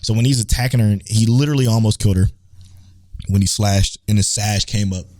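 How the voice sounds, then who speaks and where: A man co-hosting a podcast in a casual anime chat, excitable and profane, acting out characters' lines. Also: fairly low pitch, fairly quick, dry recording. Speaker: podcast co-host.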